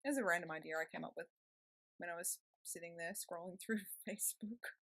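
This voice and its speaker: A woman's voice: on the low side, a little fast. A young woman, chatting to camera in a rambling vlog, recorded indoors on a laptop webcam mic with a noisy pet bird nearby. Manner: rambling, chatty, with frequent ums and self-talk. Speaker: vlogger. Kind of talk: casual chat to camera. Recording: loud background noise from laptop webcam.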